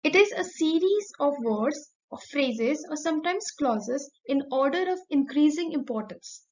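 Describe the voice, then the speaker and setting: Female teacher explaining a lesson, bright high voice, muffled low-fi recording. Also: expressive, a little slow.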